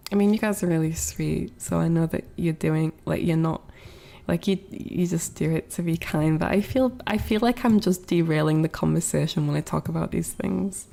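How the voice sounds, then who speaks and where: A woman's voice: on the low side, steady tone, moderate pace, vocal fry, dark tone. A woman VTuber streamer in casual chat, reading viewer messages aloud, rambling and self-conscious with many restarts.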